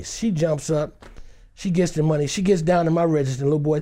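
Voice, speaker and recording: A man's voice: fairly high pitch, moderate pace, pauses often. A male actor from Detroit telling a dramatic personal story in a chat and acting out every voice. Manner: animated, acts out every voice in the story.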